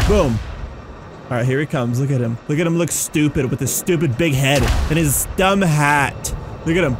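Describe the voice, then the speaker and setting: A man giving excitable let's-play commentary, mocking enemies and yelping and screaming when chased. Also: fairly high pitch, normal speed, slight background noise. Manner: playful, mocks the enemies. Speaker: gaming commentator.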